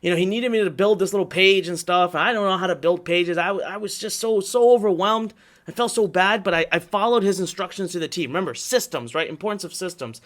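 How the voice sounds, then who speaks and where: A man teaching an online marketing workshop, telling his story in an energetic, salesy way and checking in with "okay?" again and again. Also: high voice, fairly quick. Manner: animated, repetitive, salesy storytelling with many "okay?"s.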